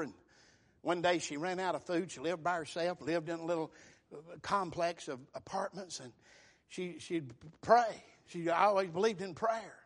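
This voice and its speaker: A man preaching a sermon, telling folksy stories and rising into fervent shouts. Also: on the high side. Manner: fervent, builds to shouting bursts, folksy storytelling.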